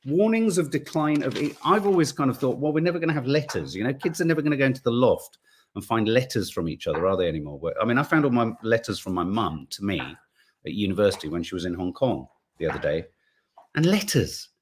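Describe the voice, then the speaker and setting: A man's voice: medium pitch, expressive, fast talker, slight background noise. A man hosting a live show, chatting casually and playfully while reading out viewer comments.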